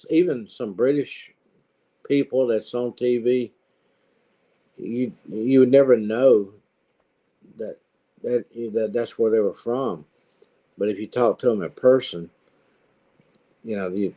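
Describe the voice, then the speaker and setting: A man's voice: medium pitch, measured pace, long pauses, mellow. A man from Virginia with a Virginia accent, chatting casually in an easygoing way and chuckling now and then. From Virginia, United States. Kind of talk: casual chat.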